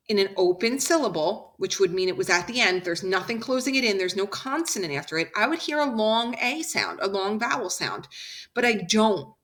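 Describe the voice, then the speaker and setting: A woman teaching a phonics lesson, speaking slowly and patiently, drawing out example sounds and checking in with her class. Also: medium pitch, sharp tone.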